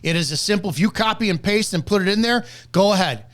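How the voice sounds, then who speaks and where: Combative male commentator, profane and blunt, voice sitting a bit high. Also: animated, quick pace, fairly bright tone. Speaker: network marketing commentator. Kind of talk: reaction commentary.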